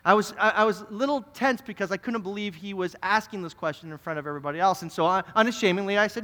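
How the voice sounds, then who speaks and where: A young man preaches from a church stage, telling a story in his sermon. His voice sits high and sounds bright and forceful, earnest and animated, often doubling back on his words. The sound carries a long reverb from the church hall. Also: quick pace, few pauses. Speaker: pastor. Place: church sanctuary.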